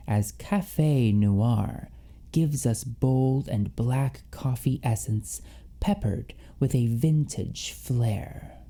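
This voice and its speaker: This is a man hosting a fragrance review vlog. He reads scripted perfume notes in an unhurried, mellow voice, then breaks into effusive, theatrical gushing with a lively, swooping pitch.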